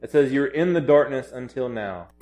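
A man's voice: medium pitch, lively intonation, normal speed, dark tone. A man preaching a sermon in an earnest, urgent way, often restarting his phrases and rising to emphatic peaks.

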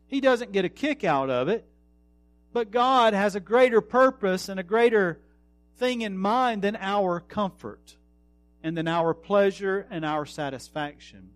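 A man preaching a sermon, earnest, slowing down to stress words and trailing off softly. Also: high-pitched, dry recording. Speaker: pastor.

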